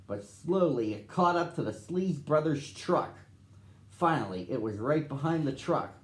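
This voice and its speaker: Brief: animated man reading to children, roomy echo. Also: a little high. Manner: expressive, addressing children. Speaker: storyteller for children. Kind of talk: storybook reading.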